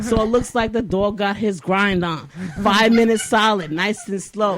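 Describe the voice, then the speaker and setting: A woman hosting a casual podcast, telling a story in an animated, profane way and laughing often. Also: a little high, moderate pace, few pauses, crowd noise.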